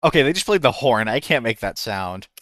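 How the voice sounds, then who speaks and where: This man's mid-range, fairly bright voice is very animated and a little fast, recorded cleanly in a studio with no echo. It's casual gaming stream chat, full of rambling, self-interruptions, and tried-out voice impressions.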